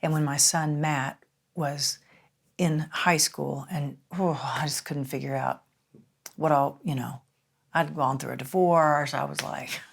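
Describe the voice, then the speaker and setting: Low, gravelly-voiced woman in her sixties. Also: unhurried. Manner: reflective storytelling, lively and animated. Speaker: guest singer-songwriter. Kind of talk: casual dinner conversation.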